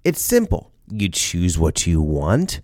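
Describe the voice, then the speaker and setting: A man's voice: low voice, huge pitch swings, slow pace, a little mellow, no room sound, clean studio sound. A man hosting a podcast, telling stories in a playful, chatty way with jokey asides. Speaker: podcast host. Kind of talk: storytelling podcast monologue.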